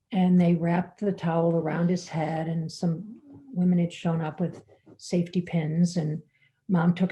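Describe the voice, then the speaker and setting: Woman telling a family story, slow and halting, dark mellow voice with some fry. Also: lowish voice, slight background noise, rough recording. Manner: unhurried, halting, with fillers and restarts. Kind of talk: live personal storytelling.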